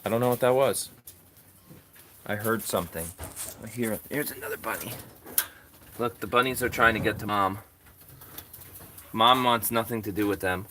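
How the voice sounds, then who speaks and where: A man's voice: on the low side, normal speed, long pauses, bright, forceful tone, a little hiss or hum. A man hosting a live stream from a farm, doing chores in the barn and talking fondly to the animals as he goes. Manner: chatty, talks fondly to the animals.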